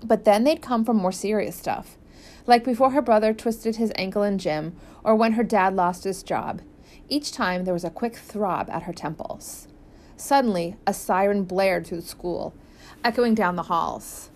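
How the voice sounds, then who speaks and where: A woman narrating a children's novel as an audiobook in a lively, expressive reading. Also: medium pitch, moderate pace. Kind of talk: scripted narration.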